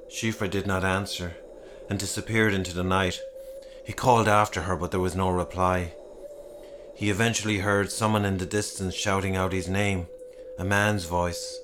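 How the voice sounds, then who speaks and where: A man reading a dark fairy tale aloud in a measured, dramatic storytelling style, with music behind him. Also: low voice, steady tone, noisy background. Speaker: narrator. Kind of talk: storytelling narration.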